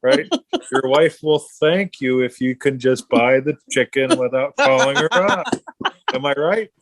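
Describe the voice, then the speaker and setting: A middle-aged man, co-hosting a casual chat, blunt and swearing freely as he tells animated stories. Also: mid-range voice, unhurried, a little hiss or hum. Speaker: podcast co-host.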